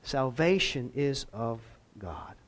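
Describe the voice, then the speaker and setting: A man's voice: mid-range voice, lively intonation, slow pace. A man preaching a sermon as pastor, talking in a conversational way with self-deprecating asides.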